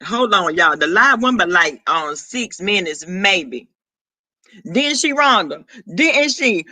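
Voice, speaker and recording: High, sassy man chatting to his viewers. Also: very animated, pushed and bright, dry recording. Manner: sassy, profane, chatty, quick asides to viewers. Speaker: vlogger greeting live chat. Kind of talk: casual live-stream chat.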